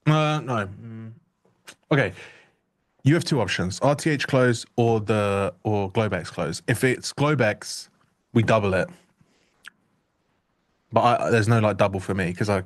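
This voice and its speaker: A young man co-hosting a live trading stream, chatting casually and jokingly, often restarting his sentences. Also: fairly low pitch. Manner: joking, rambling, self-interrupting. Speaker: livestream trading co-host.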